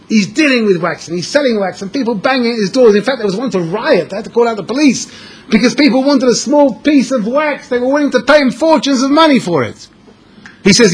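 A man's voice: high-pitched, sing-song, brisk, slight background noise. A man telling a dramatic story as a sermon to a room of young men, repeating words for emphasis. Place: room with an audience.

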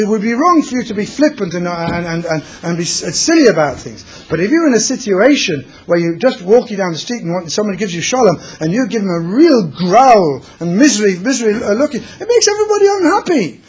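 A man's voice: high-pitched, slightly rough. A man teaching a religious class, telling stories and mixing in Yiddish and Hebrew terms.

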